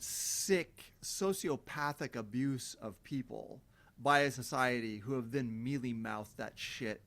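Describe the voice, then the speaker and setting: A man's voice: medium pitch, a bit bright. A middle-aged man giving a blunt, profane self-help monologue, breaking into heated emphatic rants. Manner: mocks others in sing-song quoted voices. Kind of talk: unscripted monologue.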